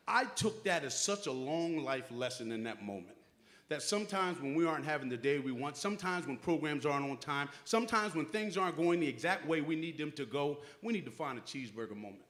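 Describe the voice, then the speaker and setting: A man's voice: sing-song, brisk, fairly bright tone. Folksy middle-aged male emcee telling a story. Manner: folksy storytelling, acts out quotes with big pitch jumps. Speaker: master of ceremonies. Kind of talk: uplifting speech with a personal story. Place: church hall at an awards ceremony.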